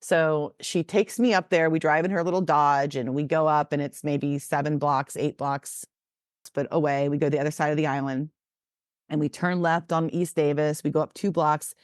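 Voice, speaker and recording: A woman in her forties co-hosting a podcast, chatting casually and acting out the quotes in her stories with animated energy. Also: sits low, normal speed, dry recording, clean studio sound. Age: 40s. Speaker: podcast co-host. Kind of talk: casual storytelling chat.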